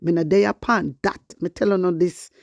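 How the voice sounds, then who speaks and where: A commentator from Jamaica holds forth to their viewers in a fiery way, slipping between patois and standard English. The voice has a gravelly edge. It sounds close and dry, with no room echo. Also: mid-range voice, steady tone, normal speed. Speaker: online political commentator.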